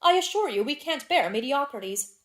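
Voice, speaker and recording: Female narrator voicing a teasing young Victorian duchess, chatty, slightly high. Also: very animated, moderate pace, a bit bright. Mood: playful. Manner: chatty, playful society banter.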